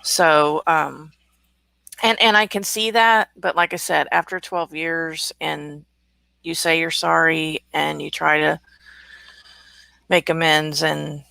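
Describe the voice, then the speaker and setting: A woman hosts a relaxed livestream chat and reads out viewer comments. Her voice is gravelly and has a sharp, bright edge. The sound is close and dry. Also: sits low, slow pace, dry recording. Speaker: host.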